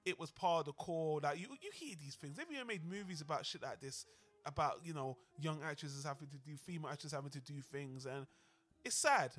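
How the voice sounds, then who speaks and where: A man co-hosting a casual podcast discussion, animated and heated, swearing freely. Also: on the high side. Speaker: podcast co-host.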